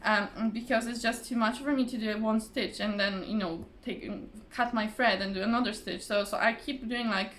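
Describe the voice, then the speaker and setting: Woman, casual craft vlogger, highish voice, rambling and chatty, slightly tired voice. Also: fairly even intonation, normal speed, hardly any pauses, a bit bright, a little hiss or hum. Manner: chatty, rambling, many fillers and restarts; laughs often. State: voice a little tired. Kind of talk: casual chat to camera. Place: home, at a table. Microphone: phone or camera on the table.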